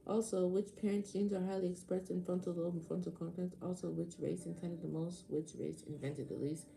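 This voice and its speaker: A woman's voice: fairly low pitch, little pitch movement, a little fast, creaky, dark tone. A woman doing a tarot reading on a casual livestream, talking back to chat commenters with a sarcastic, swearing edge. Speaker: tarot reader answering a live chat.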